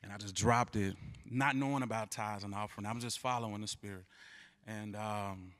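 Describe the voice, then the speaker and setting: A man giving an earnest, halting church testimony. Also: lowish voice, steady tone, a bit bright. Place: church sanctuary.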